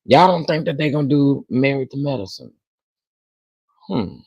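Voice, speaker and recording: A man, hosting a casual commentary chat, animated and dramatic as he talks to his viewers. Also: medium pitch, moderate pace, breathy edge, no echo, lo-fi sound. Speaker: commentary channel host.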